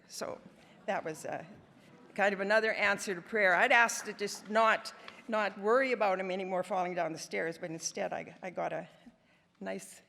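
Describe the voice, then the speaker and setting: A Canadian woman in her seventies, a guest speaker, shares a personal testimony in a large hall with long reverb. Her fairly low, gravelly voice carries stories told with wry, self-deprecating humor.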